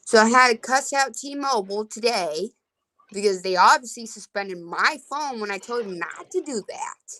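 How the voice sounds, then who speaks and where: A woman's voice: on the high side, lively intonation, moderate pace, sharp tone, rough recording. A woman in her twenties venting bluntly in a casual open-mic rant. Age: 20s. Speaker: live-stream host.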